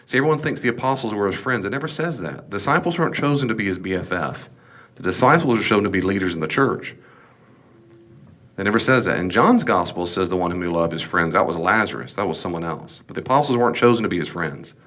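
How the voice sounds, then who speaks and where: Talking fast, a somewhat low-voiced man teaches a Bible class casually. He stresses his points firmly and keeps throwing rhetorical questions at the group.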